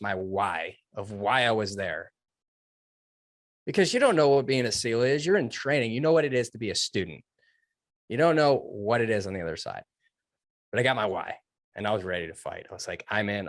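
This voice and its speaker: Man, low voice, dry close sound, earnest, emotional, halting. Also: no room sound. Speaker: guest, former Navy SEAL trainee. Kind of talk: personal story told in an interview.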